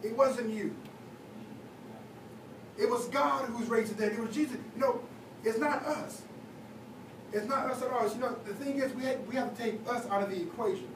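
A man's voice: very high voice, normal speed, pauses often. A young man, a youth leader, preaching a sermon in a casual, conversational way with lots of fillers. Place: church hall. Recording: echoey church hall, taped from far off with noise.

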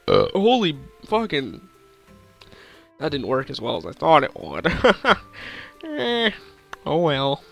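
Hyper giggly young man, high voice. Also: gravelly, a bit bright. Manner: hyper, giggly, crude, rambling. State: sore throat. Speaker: gaming YouTuber. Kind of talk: hyper casual gameplay commentary.

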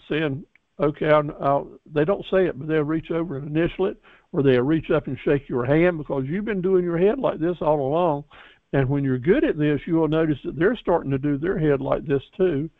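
A business course instructor with a somewhat high voice gives a graduation lecture, coaching his class in a folksy, encouraging manner and often restarting or repeating himself. The audio is thin and tinny like a phone line, dry with no room echo.

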